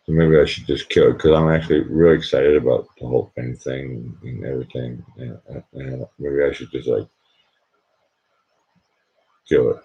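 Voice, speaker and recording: A man chatting casually on a live stream, keeping his voice hushed and rambling as he reads out his chat, at home at night. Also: rumbling low, fairly even intonation, moderate pace. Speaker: livestreamer. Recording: dull lo-fi sound.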